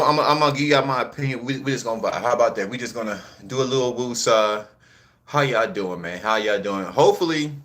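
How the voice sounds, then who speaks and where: A man's voice: medium pitch, a bit bright. A man hosting a casual live commentary vlog, laid-back and a little out of breath, repeating himself and talking straight to his viewers. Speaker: channel host.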